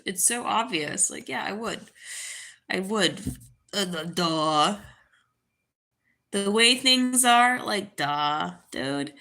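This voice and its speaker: A young woman talking to camera in a halting, grieving way, full of fillers and restarts. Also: mid-range voice, sharp tone. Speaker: vlogger. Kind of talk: casual spoken monologue.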